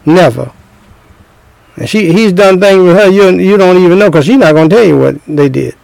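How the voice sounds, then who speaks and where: Gravelly man preaching relationship advice. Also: sits high, fast talker, a little mellow, dry recording, rough recording. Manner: emphatic, repetitive, acts out scenes. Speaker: speaker giving relationship advice.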